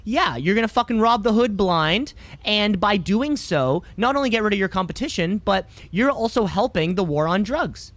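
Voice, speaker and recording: A man's voice: sits high, animated, moderate pace, fairly bright tone, no echo. A man co-hosting a podcast in casual chat, rambling and joking sarcastically. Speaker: podcast co-host.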